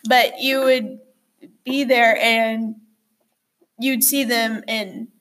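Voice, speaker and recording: Young woman host, somewhat high voice, giggly and chatty, lots of fillers. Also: steady tone, drawn-out words, fairly bright tone. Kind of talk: casual chat.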